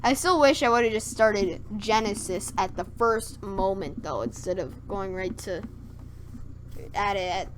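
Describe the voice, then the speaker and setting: A woman reads scripture aloud during a livestream in a medium-pitched voice against a noisy background. The reading is halting, full of slips and self-corrections, punctuated by her wry, skeptical remarks.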